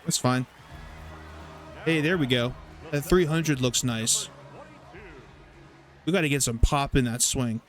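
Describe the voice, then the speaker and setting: A young man casually commentating his baseball video game, rambling, swearing and getting excited over plays. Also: medium pitch, takes it slowly, pauses often. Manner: chatty, rambling, profane, excitable. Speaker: gaming YouTuber. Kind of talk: casual let's-play commentary.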